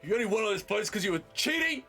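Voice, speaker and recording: A man's voice: high-pitched, very animated, rapid-fire, pushed and bright, faint music behind, voice pushed up, heavily acted. A man voicing an angry bird fighter who has been in a brawl and is threatening his rival. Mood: menacing. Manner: snarling, menacing taunts.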